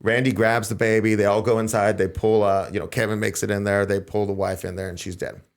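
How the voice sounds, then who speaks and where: Man telling a story animatedly. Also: quick pace. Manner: animated, acts out quotes with raised pitch. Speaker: podcast host. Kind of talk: casual conversational storytelling.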